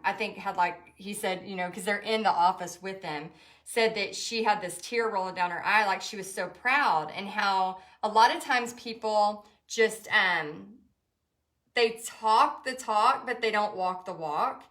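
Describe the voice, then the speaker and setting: A woman's voice: medium pitch, pushed and bright. A woman, chatting in a rambling, emotional way with many fillers while she paints live for viewers. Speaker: painting instructor hosting a live stream.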